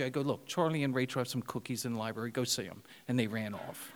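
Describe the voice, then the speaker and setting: A man's voice: mid-range voice, fast, hardly any pauses. A man preaching a sermon, telling stories with laughter and mimicked voices. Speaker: pastor. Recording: long hall reverb.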